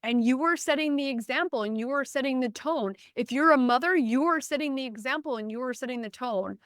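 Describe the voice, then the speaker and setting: A woman's voice: high voice, brisk, a bit bright, dry recording, studio quality. A woman in her thirties hosting a solo podcast, speaking earnestly and personally, with frequent restarts and fillers. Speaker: podcast host and business coach. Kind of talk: candid solo podcast talk.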